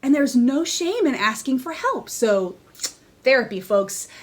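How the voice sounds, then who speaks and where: Woman vlogger, excitable and candid, slightly high voice, casual to-camera chat. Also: unhurried. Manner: excitable, animated storytelling; candid, laughs while talking. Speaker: vlogger sharing her personal story.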